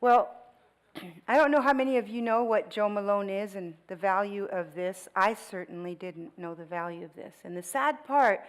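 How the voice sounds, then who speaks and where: A middle-aged woman, a guest speaker at a church, telling a personal story in a lively way, with laughs and voiced quotes. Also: mid-range voice, moderate pace, low-quality recording.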